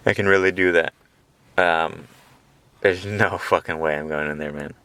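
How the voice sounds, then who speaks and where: A man's voice: low voice, steady tone, moderate pace, sharp tone, smooth. A man hosting a podcast, telling a meandering, profane comic monologue with chuckling asides, taped on a handheld recorder in a parked car at night. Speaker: podcast host. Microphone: handheld portable recorder.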